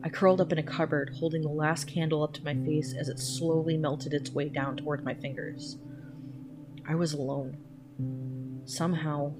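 A woman narrating a horror story in a slow, hushed, measured reading, with music playing underneath. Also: low-pitched. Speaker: podcast storyteller.

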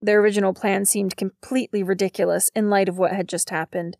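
A woman narrating an audiobook in a steady, measured reading. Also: mid-range voice, vocal fry, no room sound, clean studio sound.

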